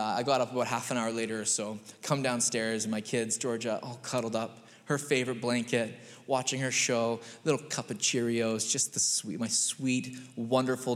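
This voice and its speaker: A man, preaching a sermon and telling a lively family story with acted-out quotes. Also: medium pitch, normal speed, hardly any pauses. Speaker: pastor. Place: church sanctuary. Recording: long hall reverb in a church.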